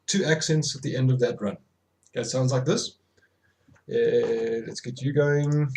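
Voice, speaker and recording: A man's voice: medium pitch, measured pace, darkish tone. A man teaching drumming, counting rhythms aloud and correcting himself as he goes, with many fillers. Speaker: drum tutor. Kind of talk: instructional demonstration.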